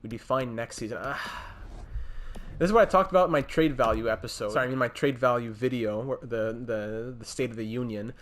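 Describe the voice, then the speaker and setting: Young male gaming host, casual running commentary, mid-pitched, thinks aloud. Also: brisk. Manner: thinks aloud, chatty, restarts and talks to teams. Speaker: gaming YouTuber.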